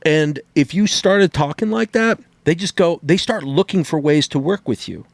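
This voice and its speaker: A middle-aged man co-hosting a podcast in casual chat, an animated storyteller who acts out quotes and swears freely. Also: a little high, moderate pace, vocal fry, no echo. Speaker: podcast co-host.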